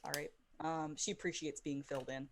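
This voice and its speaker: A woman's voice: low-pitched, steady tone, a little fast, slight background noise. A woman narrating as game master, describing scenes with lots of fillers.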